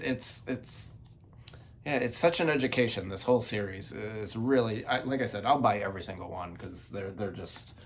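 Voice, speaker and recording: A man's voice: fairly low pitch, slight background noise. A man hosting his own record channel, chatting casually and enthusiastically about new finds, rambling with frequent restarts and fillers. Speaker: vinyl collector channel host. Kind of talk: casual record-haul chat.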